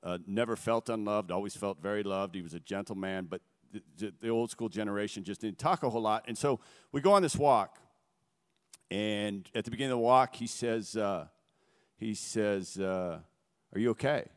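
Low, smooth-voiced man in an echoing hall. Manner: earnest, halting, emotional storytelling. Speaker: guest speaker. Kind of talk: personal testimony. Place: on a stage before a gathering. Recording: long echo of a large hall.

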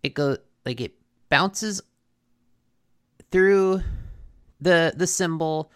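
Speaking very slowly in a deep, clean voice, a woman co-hosting a casual conversation rambles through a recap of a cartoon episode, with plenty of fillers and restarts.

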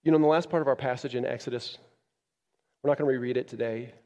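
A man preaching a sermon as a pastor, moving from loud, emphatic peaks down to quiet, low passages. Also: steady tone, quick pace, big-room sound, lo-fi sound. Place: church.

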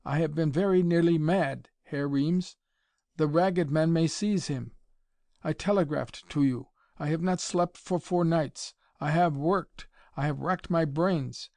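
An excitable, pale young lab assistant, as a male reader puts him on, stiff and stilted in his English, pitched well above the reader's own voice and pushed loud. The dry, close audiobook sound leaves no room around him. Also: a little slow, no room sound. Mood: desperate. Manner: stilted, agitated, pleading. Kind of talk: audiobook character voice.

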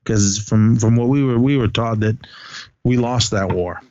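A man's voice: fairly low pitch, unhurried, darkish tone, dry recording. A man hosting a casual movie chat, retelling scenes in a rambling way with many restarts. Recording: dull lo-fi dry recording.

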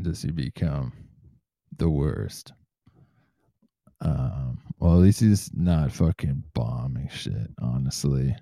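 A man hosting a casual comedy podcast, swearing freely and reading news quotes aloud in a relaxed, joking way. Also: extremely low pitch, slow, vocal fry, no echo, studio quality. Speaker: podcast host.

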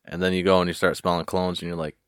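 A man's voice: low voice, flat delivery, fast talker, clean tone, no echo, clean studio sound. A man hosting a podcast, laid-back and profane in casual chat, laughing often. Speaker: podcast host.

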